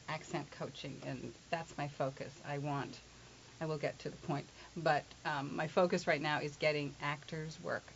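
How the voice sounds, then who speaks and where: A woman working as an accent coach and actress, telling stories in an animated, chatty way. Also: low voice, gravelly. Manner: chatty, animated storytelling with laughs. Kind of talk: casual conversation. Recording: lo-fi with faint hiss.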